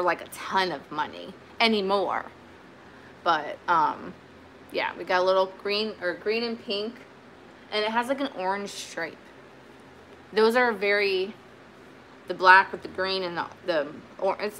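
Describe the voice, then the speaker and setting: A chatty woman talks through her thrift finds in an easy, rambling way, full of fillers and restarts. Her voice is bright and forward, with a faint hiss in the background. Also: mid-range voice. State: sweaty, warm. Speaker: vintage reseller. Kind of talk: casual haul video chat.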